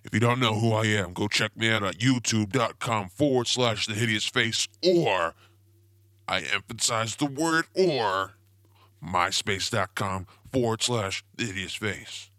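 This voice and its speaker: Young man, podcast host, rambling comedic monologue, bright forceful voice, slightly low pitch. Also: a little slow, dry recording, studio quality. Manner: rambling, goofy, self-promoting storyteller.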